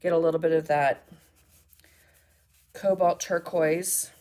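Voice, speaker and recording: Her voice sits fairly low, with a dark, steady tone, and she takes her time. As a mixed media artist leading a live demonstration, she chats, muses aloud while working, and replies to viewers.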